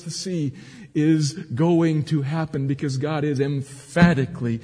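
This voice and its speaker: Husky guy preaching, long reverb, goes from quiet teaching to loud emphatic bits. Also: a little high, steady tone, unhurried. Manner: swings from quiet earnest teaching to raised emphatic cries. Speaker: pastor. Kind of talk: sermon.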